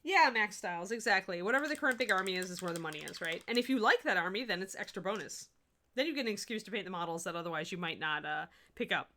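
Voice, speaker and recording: Quick-paced and expressive, a woman with a medium-pitched, pushed, bright voice talks through a miniature painting livestream tutorial. She's from the US Midwest, chats with viewers while working, answers chat, and restarts sentences.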